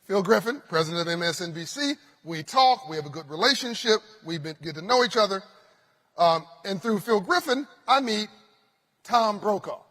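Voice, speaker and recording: Male forum host, high-pitched, telling funny stage anecdotes in a big echoing hall. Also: normal speed. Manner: animated anecdotal storytelling with humor. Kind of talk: storytelling keynote speech. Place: conference stage. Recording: reverberant conference hall.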